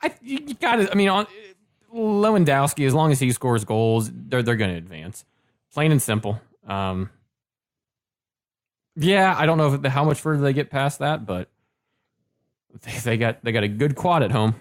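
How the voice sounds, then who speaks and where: A man co-hosting a casual sports podcast, loose and expressive. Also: mid-range voice, moderate pace, long pauses. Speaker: podcast co-host. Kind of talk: casual chat.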